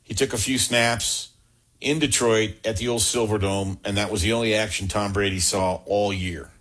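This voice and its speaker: A middle-aged man with a husky voice delivers an opinionated sports talk monologue. He is blunt and sarcastic and leans hard on his opinions with emphatic asides. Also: lowish voice, fairly even intonation, normal speed, fairly bright tone. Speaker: sports commentator.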